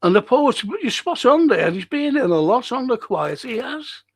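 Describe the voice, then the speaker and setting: A man's voice: extremely high pitch, sing-song, normal speed, slightly rough. A man hosting a live-streamed local history show, chatting casually with viewers, rambling and swearing freely.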